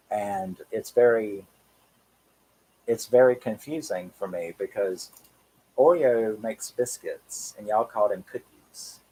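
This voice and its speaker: A man's voice: on the low side, warm tone, husky, low-quality recording. A man in his thirties from England with a Cockney accent, hosting a casual live-stream chat in a rambling, chatty way and chuckling often. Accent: Cockney English. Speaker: horror channel host.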